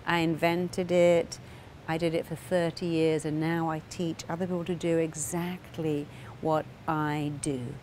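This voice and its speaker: Woman, therapist, middle-aged, low-ish voice, earnest, acts out quotes. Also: little pitch movement, a little slow, a little mellow, a little hiss or hum. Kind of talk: talking to camera about therapy.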